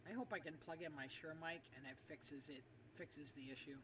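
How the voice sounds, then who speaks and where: A woman with a deep voice speaks a little fast in a steady tone, rambling casually to her livestream audience as she plays a game. Her chatter is full of fillers, and the far-off mic picks up echo from the room along with background noise.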